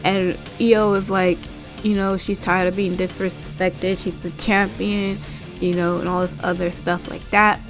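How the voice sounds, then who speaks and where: A woman's voice: fairly low pitch, unhurried, over music. Chatty woman animatedly recapping wrestling. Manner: animated recapping, acting out quotes, frequent fillers. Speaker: wrestling commentary vlogger. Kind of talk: casual chat.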